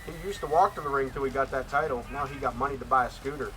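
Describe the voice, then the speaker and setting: A man's voice: mid-range voice, quick pace, over music. A man casually commentating as he streams a wrestling game. He rambles and jokes, with lots of fillers and restarts. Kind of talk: casual chat.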